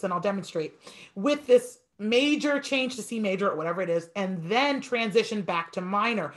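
Woman, piano teacher, fast and animated delivery, very expressive pitch, encouraging masterclass tone.

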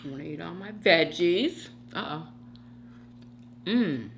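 Animated, bright-voiced woman chatting while eating. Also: fairly low pitch, slow pace, slight background noise. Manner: chatty, addresses viewers as y'all and girl. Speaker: mukbang vlogger. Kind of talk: casual gossip chat while eating.

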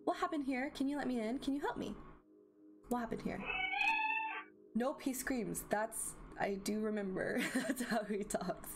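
A woman talks her way through a video game, thinking out loud in a casual, chatty way. Her voice sits a little high. Game music plays clearly behind her. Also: moderate pace, long pauses. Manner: chatty, thinking aloud, reacting with gasps and laughs. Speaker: gameplay commentator. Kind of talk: let's play commentary.

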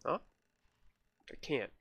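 A man's voice: takes it slowly, a bit bright, no room sound. A man hosting a gaming video, joking and trash-talking in casual commentary while he plays. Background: game gunfire and keyboard clicks.

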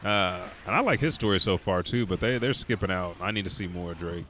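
A man's voice: low-pitched, animated, fairly quick, fairly bright tone, slight background noise. Tired, profane, rambling young man. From Oklahoma, US. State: tired from staying up all night. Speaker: gaming streamer. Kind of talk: casual storytelling while playing.

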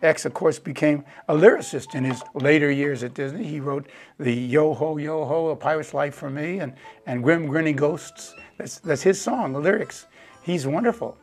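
A man's voice: fairly high pitch, moderate pace, husky, faint music behind. A man speaking in an interview, fond and repeating his words.

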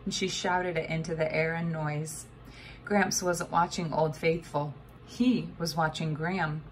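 A woman narrating a children's novel aloud with expressive storytelling. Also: deep voice, unhurried, slight background noise. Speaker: audiobook narrator. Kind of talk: scripted narration.

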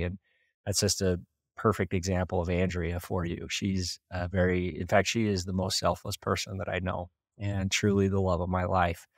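A man's voice: low-pitched, little pitch movement, moderate pace, no room sound, clean studio sound. A man from small-town Idaho, hosting a podcast and earnestly retelling a personal story with occasional chuckles. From small-town Idaho, USA. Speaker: podcast host.

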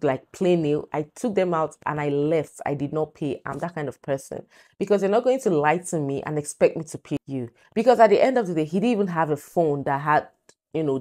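Low, mellow-voiced woman host ranting. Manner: opinionated, emphatic ranting. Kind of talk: commentary on clips.

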